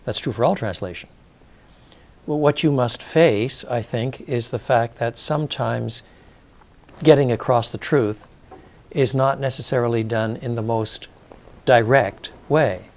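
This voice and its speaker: Older man, mid-pitched voice, measured, explanatory, pauses and restarts. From brought up in French and English. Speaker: interviewed theologian. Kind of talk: thoughtful interview answers.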